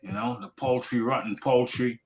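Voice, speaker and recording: A man's voice: medium pitch, steady tone, normal speed, a little hiss or hum, poor audio. A man hosting a boxing talk show, chatting casually with wry jokes and lots of repetition. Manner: repeats himself, wry and joking. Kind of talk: casual live podcast chat.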